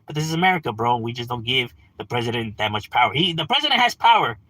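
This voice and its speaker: Casting: young guy, livestream ranter, blunt and profane, bright husky voice, very lively pitch. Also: fast talker, no echo, poor audio. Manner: blunt, profane, rhetorical questions. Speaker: livestream host. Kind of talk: casual ranting on a livestream.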